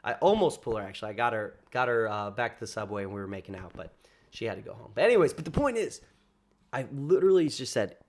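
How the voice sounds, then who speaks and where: Male dating coach, casual and excitable, swears freely, keeps saying bro. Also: mid-range voice, fast. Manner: excitable, profane, slangy, addresses listeners as bro. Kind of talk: casual motivational monologue.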